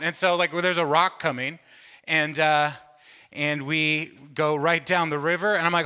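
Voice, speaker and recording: A middle-aged man doing stand-up, telling a chatty, self-mocking story that builds to loud bursts. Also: fairly high pitch, steady tone, normal speed, clean tone. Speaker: stand-up comedian. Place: church hall. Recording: live room with long reverb.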